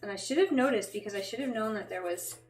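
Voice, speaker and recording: Speaking quickly at a medium pitch, a woman who works as a fashion designer chats casually on her livestream while working. She rambles, swears when frustrated, and the recording has echo and background noise.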